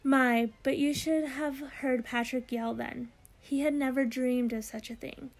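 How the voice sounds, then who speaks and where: A woman reading a children's storybook aloud in a lively, expressive way. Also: high-pitched, unhurried, faint music behind. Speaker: narrator.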